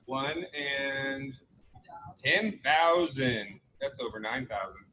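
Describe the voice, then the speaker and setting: Young male econ lecturer, bright voice, casual with jokes, faint hiss under a computer mic. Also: medium pitch, slow, poor audio. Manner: chatty, jokey asides, frequent "right?". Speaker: college economics instructor. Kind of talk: casual recorded online lecture.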